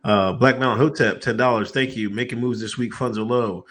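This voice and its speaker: A man co-hosting a casual podcast, reading shout-outs and laughing often in a hyped way. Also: mid-range voice, steady tone, fairly quick. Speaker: podcast co-host.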